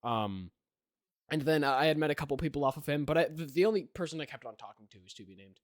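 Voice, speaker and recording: A man's voice: a little high, lively intonation, quick pace, no echo, clean studio sound. A teenage young man hosting a podcast, telling a story in a rambling way, full of fillers and "right?" check-ins. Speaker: podcast host. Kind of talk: casual chat.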